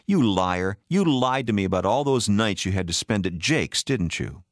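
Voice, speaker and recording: A man's voice: lowish voice, sing-song, normal speed, no room sound, studio quality. A man voicing a betrayed wife, bitter and hurt in her angry outbursts. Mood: furious. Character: wounded, furious betrayed wife.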